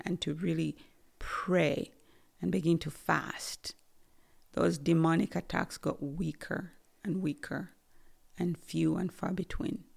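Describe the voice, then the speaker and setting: A Ugandan woman, appearing as a guest, gives an earnest account of her own experience. She speaks emphatically but sinks to soft near-whispers at the most intense moments, her lowish voice carrying some vocal fry.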